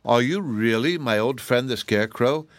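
A man reading aloud, voicing a soft, sorrowful female fairy turned into a canary. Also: mid-range voice, normal speed, no room sound, natural voice. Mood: sad.

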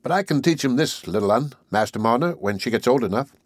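A warm-hearted village housewife chatters on in homely, earnest speech, as a male audiobook reader puts her on. The voice sits a little above his own middle pitch. It is recorded dry and close, with no room around it. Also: animated, fast, no echo, natural voice. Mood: chatty. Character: kindly talkative village housewife, middle-aged. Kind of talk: audiobook character voice.

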